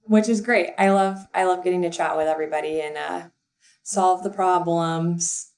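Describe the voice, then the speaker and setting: A woman's voice: lowish voice, fairly even intonation, moderate pace, a little mellow. A young adult woman, a podcast guest, chatting casually and telling a story with lots of fillers and laughter. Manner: giggly, rambling storyteller with many fillers. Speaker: guest, assistant and content writer. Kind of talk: casual interview chat.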